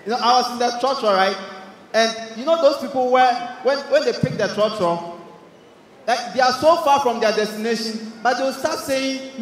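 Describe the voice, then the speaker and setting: A young Ghanaian man with a Ghanaian English accent doing animated stand-up comedy, acting out characters with shouts. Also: very high-pitched, normal speed, roomy sound, big-room sound, a little hiss or hum. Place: large hall with live audience.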